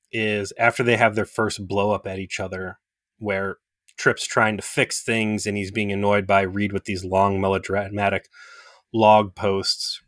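A man's voice: fairly low pitch, fairly bright tone, no room sound, studio quality. A man co-hosting a casual podcast, riffing sarcastically with profanity. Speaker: podcast co-host. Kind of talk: casual chat.

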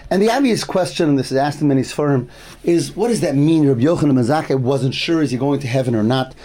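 A man's voice: a little high, mellow. A man giving a Torah sermon, earnest and building his point through repeated rhetorical questions. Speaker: rabbi giving a Torah class.

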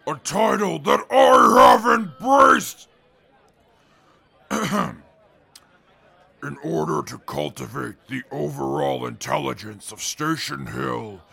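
A man voicing a pompous male mutant field reporter who calls himself a genius, speaking stiffly and formally in a gravelly, raspy voice. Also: mid-range voice, slow, fairly bright tone, exaggerated voice. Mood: haughty. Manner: stiff formal speech, barked questions. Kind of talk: audio drama acting.

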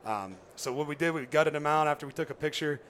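A man, a former pro football player, telling an animated hunting story, laughing and acting out what others said. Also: fairly high pitch, fast talker, slight background noise. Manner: excited, laughing, acts out quoted voices.

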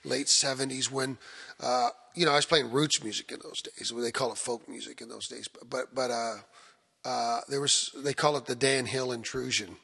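Gravelly Southern Ontario man, husky and bright. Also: mid-range voice, normal speed. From Canada. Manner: rambling, repeats himself, animated bursts. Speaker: musician guest. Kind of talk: casual interview chat.

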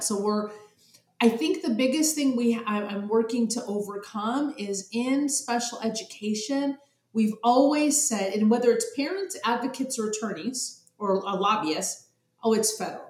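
A woman's voice: medium pitch, normal speed, darkish tone, reverberant. A woman talking about special education policy in an interview, earnest and emotional, often repeating words as she speaks. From Arizona. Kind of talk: interview conversation.

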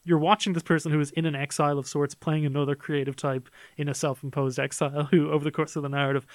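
A man's voice: a little high, flat delivery, fast talker, no echo, clean studio sound. A man talking as a podcast film critic in a casual review discussion, enthusiastic and analytical, with many "like" and "um" fillers.

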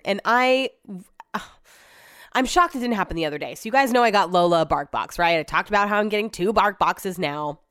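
A woman's voice: fairly low pitch, fairly bright tone, dry recording, clean studio sound. A woman hosting a podcast from home, talking in a rambling, casual way and swearing freely. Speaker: podcast host. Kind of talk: casual solo chat.

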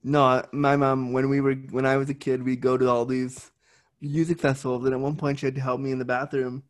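A man's voice: medium pitch, flat delivery, a little fast. A young adult man hosting a casual interview chat, candid and swearing freely. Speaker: podcast host.

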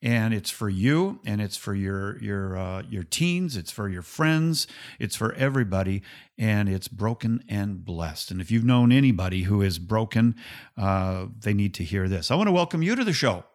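A man's voice: on the low side, expressive, moderate pace. Chatty easygoing male show host. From Minnesota. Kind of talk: casual interview chat.

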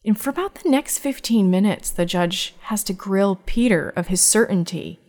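A woman's voice: medium pitch, lively intonation, darkish tone. A woman telling a personal story in conversation, candid and reflective, often stopping and repeating words as she speaks. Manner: halting, restarts and repeats words.

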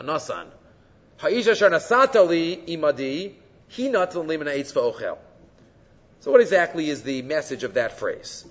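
A man's voice: high voice, breathy edge. A man, teaching a weekly Torah class, asking rhetorical questions and moving between Hebrew quotes and English explanation. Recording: muffled audio, long hall reverb.

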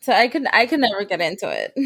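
A woman's voice: on the high side, normal speed, breathy edge, no room sound. A woman co-hosting a casual podcast, chatting and laughing easily. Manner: laughs easily, relaxed reactions. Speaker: podcast co-host. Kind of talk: casual chat.

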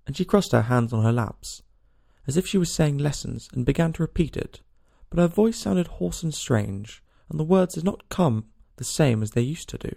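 A man reads a storybook aloud with a gravelly, mellow voice. His pitch moves in a lively way. The sound is dry and close. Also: normal speed, dry recording. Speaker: narrator. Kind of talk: storybook reading.

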